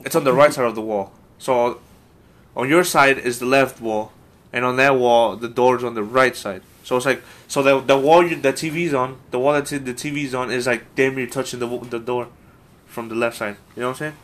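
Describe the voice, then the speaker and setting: A man's voice: mid-range voice, steady tone, normal speed, fairly bright tone. Man rambling through a story on a podcast. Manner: rambling, hesitant storytelling with restarts. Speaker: podcast co-host. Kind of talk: casual podcast chat.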